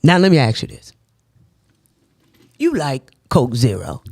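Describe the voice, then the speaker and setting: Woman, motivational faith talk, deep voice, swooping intonation, dry close sound, repeats herself and checks in with listeners. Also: slow pace, creaky, long pauses, no echo. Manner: animated, repeats phrases, asks "okay?" often; laughs between lines. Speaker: host giving a faith-based motivational talk.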